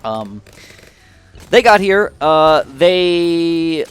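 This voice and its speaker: A young man casually retelling a frustrating story to his viewers, animated and exasperated, with many fillers and restarts. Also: on the high side, extremely slow, clean tone, soft background music. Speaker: YouTube gaming vlogger.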